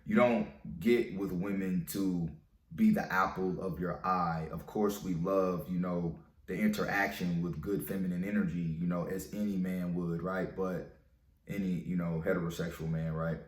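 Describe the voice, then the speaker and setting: Deep-voiced man, slangy and profane. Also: fairly even intonation, normal speed. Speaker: dating advice vlogger. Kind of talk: casual storytelling and advice monologue. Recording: roomy echo.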